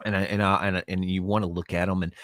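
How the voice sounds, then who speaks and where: A man's voice: low voice, level tone, rapid-fire, fairly bright tone, dry recording. A man co-hosting a podcast in casual chat, earnest and gushing, swearing for emphasis. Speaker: podcast co-host.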